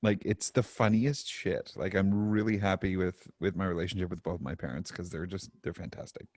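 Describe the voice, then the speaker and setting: A man's voice: low voice, fairly even intonation, a little fast, a little mellow, no echo, clean studio sound. A young adult man co-hosting a podcast, chatty and laughing, with lots of fillers. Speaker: podcast co-host. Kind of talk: casual chat.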